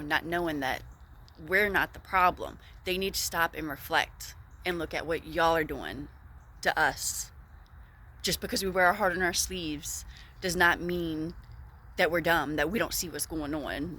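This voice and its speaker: A woman's voice: sits low, a bit bright, a little hiss or hum. Emphatic woman giving blunt vlog advice. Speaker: vlogger.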